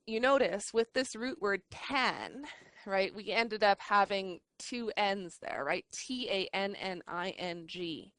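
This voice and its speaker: A woman's voice: mid-range voice, a bit bright, no room sound, studio quality. A woman teaching an English lesson, explaining patiently and checking in often with the class. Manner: patient, slow, checks in with "right?".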